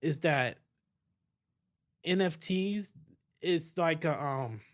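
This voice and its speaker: A young man hosting a casual podcast chat, animated and swearing freely, often stumbling and restarting his words. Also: fairly high pitch, drawn-out words. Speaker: podcast host.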